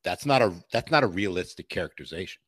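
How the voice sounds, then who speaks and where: A man's voice: low voice, animated, fast talker, a bit bright, husky, no room sound, clean studio sound. A man giving an interview, telling stories emphatically and mimicking the people he quotes. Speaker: podcast guest. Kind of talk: conversational interview.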